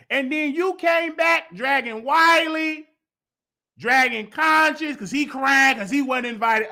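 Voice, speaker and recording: Sharp-voiced, heated male gossip host. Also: very high voice, fairly even intonation, normal speed. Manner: mocking, heated, sarcastic. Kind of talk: gossip commentary.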